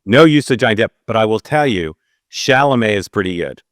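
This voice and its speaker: A man hosting an interview show, asking questions in a casual, halting way with frequent restarts. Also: fairly low pitch, expressive, no room sound, clean studio sound. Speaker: host.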